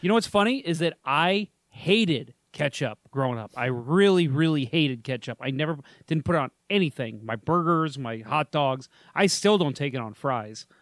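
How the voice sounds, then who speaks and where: A man co-hosting a casual hockey podcast, joking with deadpan tall tales. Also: on the high side, normal speed, hardly any pauses, dry recording. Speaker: podcast co-host.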